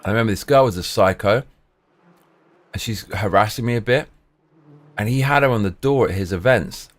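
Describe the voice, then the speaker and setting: A man's voice: fairly low pitch, normal speed. A man streamer telling rambling, profane stories in casual chat, full of restarts and swearing.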